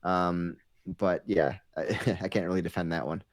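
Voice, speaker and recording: Low voice guy hosting a podcast, kinda hesitant, moves the talk along. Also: fairly even intonation, moderate pace, no room sound. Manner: hesitant, steers the discussion. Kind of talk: casual chat.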